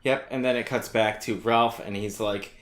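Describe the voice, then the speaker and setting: A man's voice: lowish voice, steady tone, moderate pace, a bit bright, echoey room. A man co-hosting a podcast, chatting casually about a comic book. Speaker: podcast co-host.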